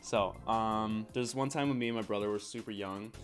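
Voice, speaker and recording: A man's voice: fairly low pitch, moderate pace, soft background music. A young man from the United States telling a rambling, laughing story on a live stream, swearing often.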